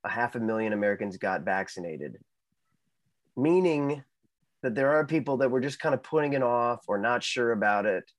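A man co-hosting a podcast in relaxed, casual chat, full of ums and easy laughter. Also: mid-range voice, normal speed, no room sound, poor audio. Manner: easygoing, filler-heavy, laughs easily. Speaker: podcast co-host.

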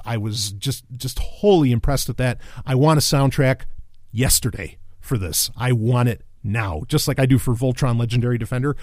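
A man hosting a casual review monologue, excitable and rambling, swearing freely, with many restarts and bursts of laughter. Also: mid-range voice, no room sound, studio quality.

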